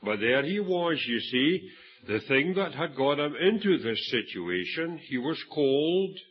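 A man's voice: a little high, big pitch swings, measured pace, slightly rough, highs cut off, soft background music. A Scottish man preaching a sermon, telling a Bible story and acting out the quoted voices, with frequent restarts. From Scotland.

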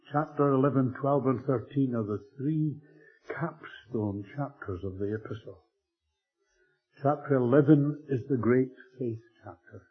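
A man preaching a Bible-teaching sermon in a measured, emphatic way, often clearing his throat. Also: medium pitch. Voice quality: husky. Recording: old tinny phone-like tape with faint music.

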